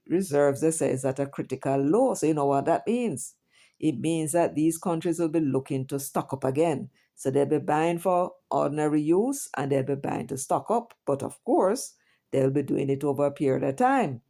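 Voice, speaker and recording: Jamaican lady reading the news n chatting over it, low warm voice, lots of asides. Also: normal speed. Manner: chatty, reacts aloud with asides and rhetorical questions. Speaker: news commentary host. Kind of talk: reading headlines with casual commentary.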